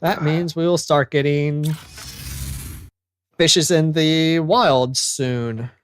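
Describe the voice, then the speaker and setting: A man's voice: fairly high pitch, fairly even intonation, extremely slow, slight background noise. A man from Northern Virginia hosting a casual gaming stream, chatty and self-deprecating. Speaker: streamer host. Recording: faint background music.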